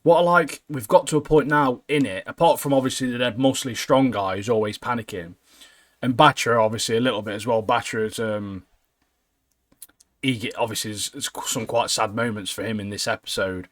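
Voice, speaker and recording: A man co-hosting a podcast, talking excitedly and laughing often. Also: mid-range voice, fairly quick, dry recording. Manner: excitable, laughs a lot, says "mate" constantly. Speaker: podcast co-host. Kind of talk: casual chat.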